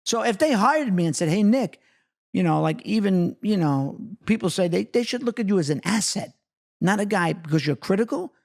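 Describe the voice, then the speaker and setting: A middle-aged man from New York, a guest actor telling excitable, swearing anecdotes in casual chat. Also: sits high, a little fast, gravelly. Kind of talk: animated storytelling in casual chat.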